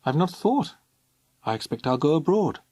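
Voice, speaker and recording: A man's voice: on the high side, big pitch swings, moderate pace, a little mellow, husky, dry recording, voice pushed up. A man reading aloud, voicing an anxious, dutiful teenage girl with a hesitant, pleading manner.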